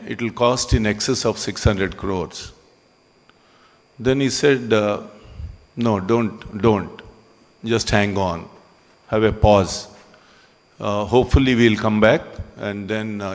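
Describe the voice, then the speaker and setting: A man giving a ceremony speech in a hall, conversational and halting with frequent pauses. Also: on the low side. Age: 60s. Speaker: business owner speaking at a ceremony.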